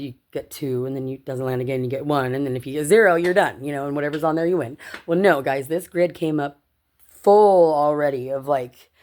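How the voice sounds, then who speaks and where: A woman's voice: low voice, a little mellow. A woman vlogger telling a personal story casually to her viewers, chatty and swearing, often laughing and calling them "you guys.".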